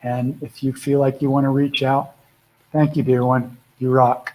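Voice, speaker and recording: A middle-aged man hosts a live spiritual Q&A call from home, chatting casually and warmly with viewers in a rambling live-stream style and murmuring softly to his dog. His voice is mid-range, his delivery flat and a bit slow. The recording quality is low.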